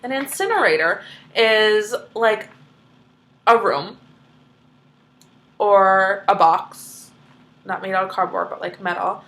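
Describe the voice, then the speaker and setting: A woman's voice: mid-range voice, slow, pauses often, a bit bright. A woman reading a children's book aloud, stopping for chatty explanations. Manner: chatty asides full of "like".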